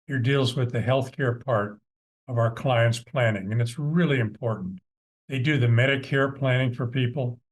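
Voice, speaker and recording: A middle-aged man, a financial advisor hosting a radio talk show, talking in a conversational, folksy, anecdotal way. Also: medium pitch.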